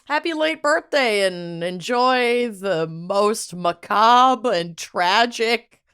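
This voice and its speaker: A woman's voice: medium pitch, animated, takes it slowly, a bit bright, clear, resonant tone. A woman, co-hosting a podcast in casual chat, full of dry, teasing banter. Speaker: podcast co-host.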